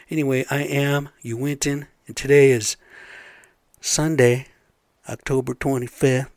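A man talks in a loose, rambling monologue, swearing often and checking in with "right?" His voice sits at an ordinary middle pitch. The recording is close and dry, with no room sound. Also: flat delivery, a little slow, a little mellow, dry recording. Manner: rambling, blunt and profane, asks listeners "right?". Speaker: vlog host. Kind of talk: casual profane monologue.

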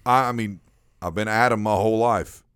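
A man's voice: fairly low pitch, moderate pace, fairly bright tone, clean tone, no room sound, clean studio sound. A young man in casual podcast chat, joking crudely and stumbling a little when he starts a story. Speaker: podcast co-host.

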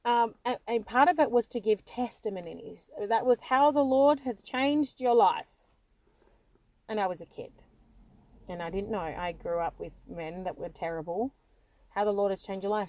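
A woman's voice: mid-range voice, lively intonation, normal speed, darkish tone, dry recording. A middle-aged woman telling self-deprecating personal stories, laughing often and restarting sentences nervously. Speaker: podcast host. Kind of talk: personal storytelling monologue.

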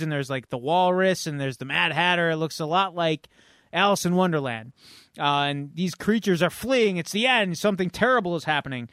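High-voiced man rambling in casual chat. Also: a bit bright, clean tone, no echo, clean studio sound. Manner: rambling recap with many fillers and asides. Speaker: podcast host.

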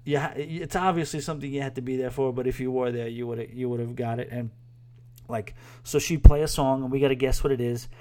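Male podcast host, mid-range voice with a relaxed warm tone, digressive and self-deprecating. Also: mid-range voice, a little fast. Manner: rambling, self-mocking, with crude asides and laughs. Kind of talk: casual spoken review. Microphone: microphone.

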